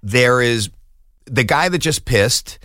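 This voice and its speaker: A man's voice: medium pitch, takes it slowly, dry recording, clean studio sound. A middle-aged man, a comedian guest on a podcast, telling an anecdote with laughter and put-on voices for the people in it. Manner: animated, laughing, voices in quotes. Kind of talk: storytelling anecdote.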